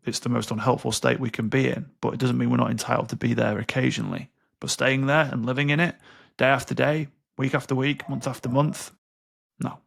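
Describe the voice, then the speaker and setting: Guy, 30s, gravelly voice, blunt and sweary, podcast guest. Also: mid-range voice. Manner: blunt and sweary, acts out quoted dialogue. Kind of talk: candid interview conversation.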